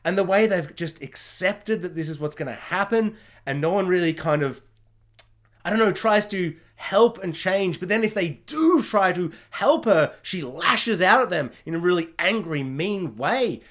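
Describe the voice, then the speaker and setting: A man's voice: high-pitched, animated, moderate pace, a bit bright. A man giving an effusive, emotional solo TV review, rambling and restarting as he talks.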